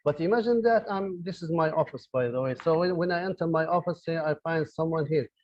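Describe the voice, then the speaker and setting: A man's voice: fairly high pitch, fairly quick, lo-fi sound. Male professor, hesitant lecture. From Libya. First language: Arabic. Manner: hesitant, many fillers and restarts. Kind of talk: online lecture. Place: his office.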